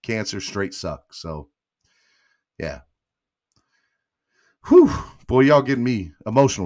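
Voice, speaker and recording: A man hosting a live sports podcast stream, chatting casually, shouting out donors and hyping up his chat, with a Southern US accent from Miami. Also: on the low side, sing-song, takes it slowly, pauses often. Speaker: podcast host.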